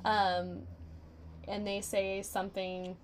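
A woman's voice: mid-range voice, little pitch movement, takes it slowly. A young woman from San Diego, a podcast guest, talking in a chatty, opinionated way and laughing often. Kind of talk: casual chat.

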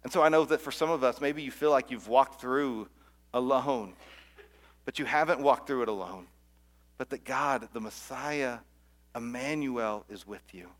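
A man's voice: mid-range voice, moderate pace, fairly bright tone. A middle-aged man preaching from the pulpit in an earnest, heartfelt way. His voice sits in an ordinary middle range. He stumbles over repeated words and lets key lines fall almost to a whisper. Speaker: pastor. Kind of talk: sermon.

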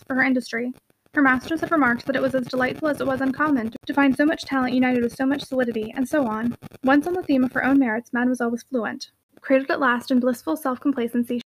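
A woman reads a classic novel aloud in scripted narration, clear and even. Her voice sits high. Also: slight background noise. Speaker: audiobook reader.

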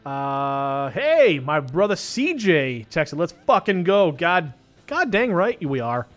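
A man's voice: on the high side, sing-song, slow pace, fairly bright tone, faint music behind. A man hosting a radio show in a studio, chatting casually with lots of laughing and swearing. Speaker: radio host.

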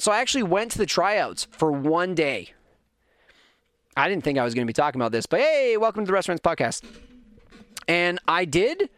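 A man's voice: a little high, fairly bright tone, smooth, no echo, studio quality. A middle-aged man hosting his own podcast, rambling through tangents and poking fun at himself. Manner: rambling, self-mocking, lots of tangents. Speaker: podcast host. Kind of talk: casual solo podcast rant.

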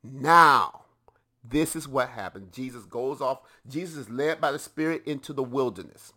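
A man's voice: mid-range voice, moderate pace. A man preaching a teaching sermon to a congregation, emphatic and often putting questions to his listeners.

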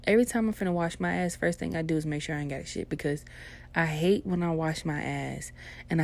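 A woman's voice: sits low, quick pace, gravelly, a little mellow. A young adult woman telling a personal story in a casual, laid-back and profane way.

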